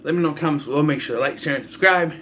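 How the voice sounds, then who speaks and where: A man's voice: on the high side, racing, sharp tone, a little hiss or hum. A man giving casual, sarcastic commentary as a wrestling vlogger, ranting with mock-announcer flourishes.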